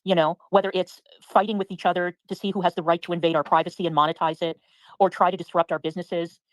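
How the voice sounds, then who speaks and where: A woman's voice: fairly low pitch, flat delivery, no room sound, low-quality recording. A woman on a livestream, speaking in an indignant tone. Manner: indignant, rapid. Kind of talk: casual livestream chat.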